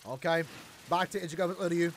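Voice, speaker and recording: A man hosting an anime reaction video, reacting loudly with shouts and drawn-out cries, then recapping in a calmer, rambling way. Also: a little high, slight background noise. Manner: hyped, shouts and stretches out words in dismay. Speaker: anime reaction channel host. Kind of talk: excited anime reaction commentary.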